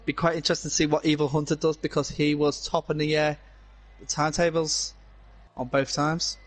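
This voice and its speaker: A man's voice: fairly high pitch, little pitch movement, a little fast. A man from Glasgow co-commentating a sim-racing event live, hesitant and full of fillers as he jokes with his co-host. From Glasgow, Scotland. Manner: hesitant, with frequent fillers and restarts. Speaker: race co-commentator.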